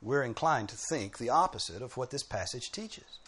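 A man's voice: mid-range voice, lively intonation, moderate pace, fairly bright tone, breathy edge. A man preaching an expository sermon, driving points home with emphatic repetition. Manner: emphatic, repeating key phrases with rising force. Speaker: pastor.

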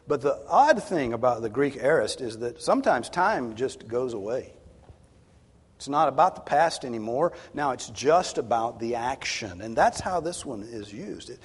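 A male pastor preaching a sermon, swinging from hushed tones to loud, emphatic exhortation. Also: medium pitch, husky. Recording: long hall reverb.

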